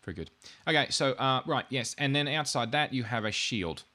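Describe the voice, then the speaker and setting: A man's voice: medium pitch, animated, a little fast, bright, forceful tone. A man hosting a podcast, explaining technical gear in a rambling, self-deprecating way with jokey asides. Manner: wired, says he has had too much coffee. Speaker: podcast host explaining networking. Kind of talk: casual technical explainer chat.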